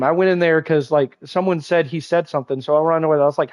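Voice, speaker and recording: A man's voice: a little high, quick pace, few pauses, a little mellow. Heated, swearing young male gamer. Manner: heated, profane, rambling rant with many restarts. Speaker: gaming livestreamer. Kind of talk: ranting live-stream commentary while gaming. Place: at home at a game console.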